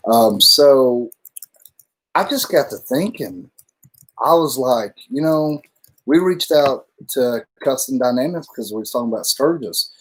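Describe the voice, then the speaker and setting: A man co-hosting a casual live stream, talking in a loose, rambling way and swearing freely. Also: mid-range voice. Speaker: livestream co-host.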